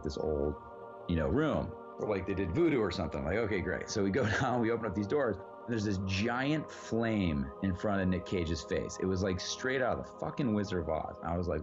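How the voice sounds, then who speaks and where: A man telling a long anecdote in a relaxed, casual way, rambling with many fillers and the odd swear word. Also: low voice. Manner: rambling, lots of "like" and "you know", swears freely. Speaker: actor guest. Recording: dull lo-fi sound.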